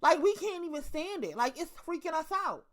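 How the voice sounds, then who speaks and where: Speaking a little fast with an extremely high-pitched, very animated voice, a Baltimore-accented woman in her thirties addresses her viewers. The online commentator's casual monologue is blunt and profane, and she hammers her points with repetition.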